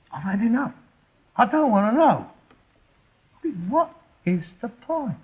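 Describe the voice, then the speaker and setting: A man's voice: high-pitched, exaggerated voice. An actor playing a frustrated, self-pitying young rag-and-bone man, sardonic and theatrical. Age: young adult. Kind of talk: 1960s television sitcom acting. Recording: dull lo-fi 1960s TV sound.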